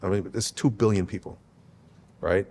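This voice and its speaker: Deep-voiced earnest man, podcast guest. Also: steady tone, moderate pace, darkish tone. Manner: earnest, emphatic, often adds "right?". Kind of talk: conversational interview.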